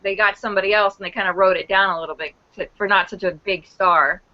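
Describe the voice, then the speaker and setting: A woman's voice: medium pitch, fairly even intonation, fast talker, highs cut off. A woman guest on a podcast, chatting casually and enthusiastically, sharing film trivia like a fan who knows her stuff. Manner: knowledgeable, enthusiastic film buff. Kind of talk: casual chat.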